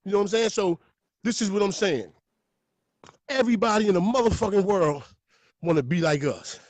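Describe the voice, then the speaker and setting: A man talking as a podcast guest, telling stories in a lively, profane way. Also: sits high, fairly quick, no echo. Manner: animated, profane storytelling. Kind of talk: casual podcast talk.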